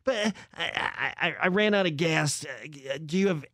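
A man's voice: on the high side, moderate pace, fairly bright tone, dry recording, studio quality, lightly acted. A man imitating a frantic, unkempt woman who begs for gas money, stammering and repeating apologies. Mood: frantic apologetic.

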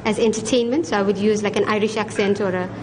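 A woman's voice: mid-range voice, steady tone, fast talker, a little mellow, slight background noise. Chatty South African woman. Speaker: restaurant owner and singer. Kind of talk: interview. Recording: crowd chatter behind.

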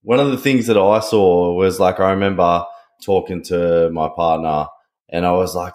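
A man's voice: low voice, fairly even intonation, moderate pace, a little mellow. A man hosting a podcast, casual and profane, reacting to his guest. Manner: profane, reacting with short interjections.

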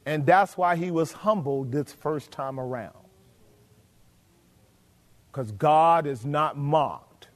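Male preacher, high voice, emphatic sermon delivery, reverberant hall sound. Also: slow, long pauses. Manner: emphatic, rhetorical questions to the congregation.

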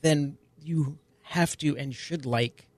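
A man's voice: on the high side, slow pace, dry recording. A man co-hosting a radio gardening call-in show, explaining plants in plain, knowledgeable terms. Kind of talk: casual radio chat.

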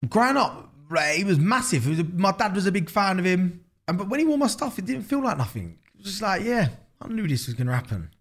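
A man's voice: sits high, big pitch swings, fast talker, few pauses, a bit bright. A man with a London accent, a guest in an interview, talking loosely with lots of slang, fillers and swearing. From England. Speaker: guest, business founder. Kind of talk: casual interview chat.

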